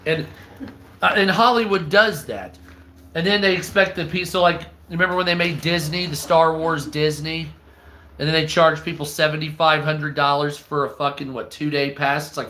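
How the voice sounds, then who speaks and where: A man's voice: on the high side, steady tone, moderate pace, bright, forceful tone. A man from the United States giving heated, profane, rambling commentary on a live news stream.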